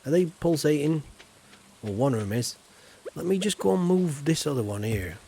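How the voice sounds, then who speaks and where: A man's voice: fairly high pitch, animated, normal speed, gravelly, dark tone, slight background noise. A man from Yorkshire with a southern English accent, chatting playfully to his viewers while streaming a farming game. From Yorkshire, England. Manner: chatty, playful, talks straight to chat viewers. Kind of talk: casual live-stream chat while gaming.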